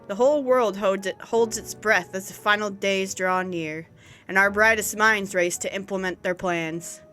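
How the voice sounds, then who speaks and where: A woman voicing a gentle, fatherly ancient giant man who speaks in a polite, formal way. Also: medium pitch, fairly even intonation, moderate pace, faint music behind, close to an everyday voice. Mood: kindly.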